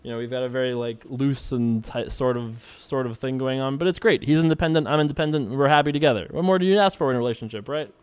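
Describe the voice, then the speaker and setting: A man's voice: mid-range voice, fast, few pauses, clear, resonant tone. A young man streaming online poker, chatting loosely with viewers while he plays and reads their emails, laughing often and swearing casually.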